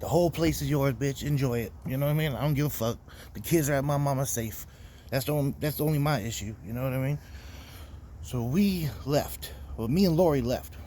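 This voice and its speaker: A man's voice: medium pitch, a little fast, dark tone, a little hiss or hum. Profane storytelling man, heated. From Florida. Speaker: podcast host. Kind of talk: casual storytelling rant.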